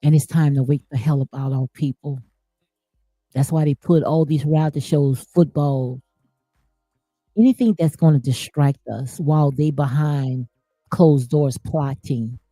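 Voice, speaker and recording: A woman's voice: low voice, a little slow, mellow, no echo, faint music behind. A woman giving impassioned spiritual commentary, preachy and emphatic, repeating phrases for emphasis. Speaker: commentary host.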